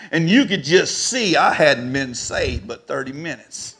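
A man preaching a storytelling sermon, animated and rising to shouts at the peaks. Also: a little high, measured pace.

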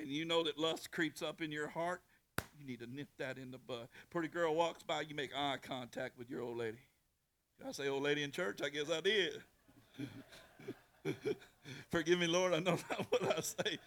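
A man preaching to his congregation. His voice sits a little high, and his delivery is folksy and animated, with frequent restarts mid-phrase. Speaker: pastor. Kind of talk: sermon.

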